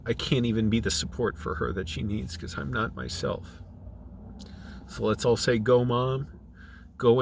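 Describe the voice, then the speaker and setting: A middle-aged man, choked up, talking in a halting, emotional way, with many restarts and fillers. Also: mid-range voice, creaky, fairly bright tone, a little hiss or hum. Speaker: channel creative director. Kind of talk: personal video diary.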